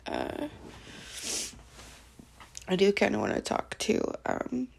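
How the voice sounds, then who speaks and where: A woman venting in an emotional diary vlog, her voice thick with gravelly fry and a husky, breathy edge. She sounds tearful, talks in halting bursts and often sinks into near-whispers. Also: medium pitch, huge pitch swings, a little mellow. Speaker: diary vlogger.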